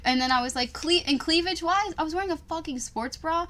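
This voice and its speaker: Profane, animated young woman telling a story. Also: very high voice, fast, slight background noise. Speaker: podcast co-host. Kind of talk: casual chat.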